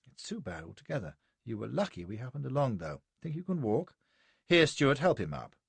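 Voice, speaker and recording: A man voicing a cheerful, teasing English adventurer in his forties with a brisk manner. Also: mid-range voice, sing-song, vocal fry, breathy edge, no echo, voice pushed up, exaggerated voice. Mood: jovial. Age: 40s. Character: hearty, grinning middle-aged English adventurer man.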